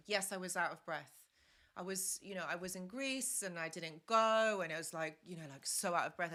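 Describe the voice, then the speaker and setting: A woman's voice: on the low side, pushed and bright. A young woman hosting a live stream, giving earnest, repetitive advice and stopping to thank viewers. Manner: earnest, repetitive, reads comments aloud. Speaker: live stream host, relationship advisor.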